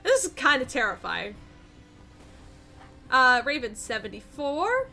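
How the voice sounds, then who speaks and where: A woman's voice: sits high, wildly swooping pitch, a little slow, creaky, bright, forceful tone, soft background music. A woman running a tabletop game as game master, narrating loosely with many fillers. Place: home streaming setup. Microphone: streaming mic.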